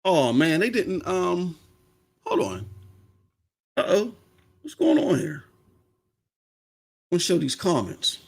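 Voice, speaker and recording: A man hosting a live-streamed podcast, talking straight to his viewers in an animated rant that often rises to yelling. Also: high voice, slow, creaky, pauses often, husky. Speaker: podcast host.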